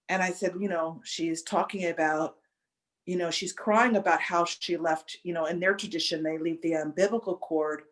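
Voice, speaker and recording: A woman guest telling a personal story in a halting, searching way, pausing and restarting, close to tears. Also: on the low side. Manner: halting, many restarts and fillers, emotional. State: near tears. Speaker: podcast guest. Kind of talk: reflective storytelling.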